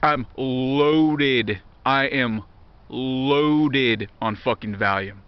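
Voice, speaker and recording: A man's voice: mid-range voice, drawn-out words, clear, resonant tone. A man in his thirties talking straight to camera, blunt and heavily profane, rambling with frequent restarts. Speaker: vlogger. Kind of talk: candid personal monologue. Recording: dull lo-fi recording.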